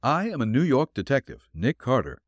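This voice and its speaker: A man voicing a shrewd, courteous detective who speaks calmly, firmly and politely, read for a storybook. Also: mid-range voice, moderate pace, no echo, studio quality, pitched above the performer's own voice. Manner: calm, firm and polite.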